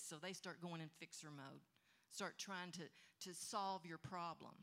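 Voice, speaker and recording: A woman pastor giving marriage advice on a panel, animated, acting out husbands and wives in quick quoted lines. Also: lowish voice. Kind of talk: animated teaching talk.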